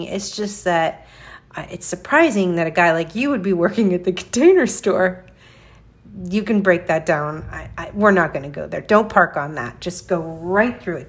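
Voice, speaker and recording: A woman in her forties tells a personal story on her podcast, chatty and animated, poking fun at herself. Her voice sits a little low for a woman. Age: 40s. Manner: animated, chatty, self-deprecating with frequent laughs. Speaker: podcast host. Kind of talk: casual storytelling monologue.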